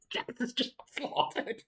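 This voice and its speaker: A woman's voice: on the high side, creaky, a little mellow, husky. A woman streaming her game development, talking casually, swearing and laughing helplessly as she works things out aloud. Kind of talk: casual livestream commentary.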